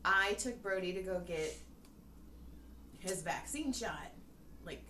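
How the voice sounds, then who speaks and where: Her voice sits on the low side, bright and forceful, animated yet slow. She's a podcast co-host recounting everyday stories in casual talk, giggling and laughing a lot, captured in an echoey room through a distant mic with a trace of noise.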